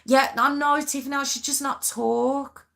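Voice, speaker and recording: A young woman chats on a live stream in a bright, gravelly voice. She rambles nervously, stammering and restarting her sentences. She pokes fun at herself as she talks to her viewers. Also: high voice, steady tone, normal speed. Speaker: YouTube true crime host.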